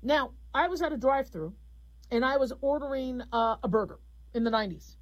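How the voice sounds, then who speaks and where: Husky-voiced talk radio hostess. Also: female voice, high voice, animated, brisk, lo-fi sound. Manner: rambling, conversational, frank. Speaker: radio call-in show host.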